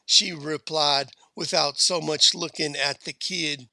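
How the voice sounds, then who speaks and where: Slow, gravelly male storyteller. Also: a little high, fairly even intonation, pushed and bright, dry recording. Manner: unhurried, folksy western storytelling. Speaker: narrator. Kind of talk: storybook reading.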